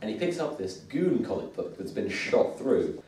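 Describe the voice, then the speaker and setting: A man hosting a casual comic review, retelling scenes in an animated way. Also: lowish voice, normal speed, vocal fry, a little hiss or hum. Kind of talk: casual chat. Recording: echoey room, mic at a distance.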